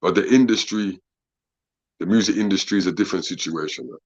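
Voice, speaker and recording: A podcast co-host with a fairly low voice talks fast in a casual chat, firing off one question after another. He laughs easily and sprinkles "bro" and "man" all through it. The audio sounds a bit dull and lo-fi.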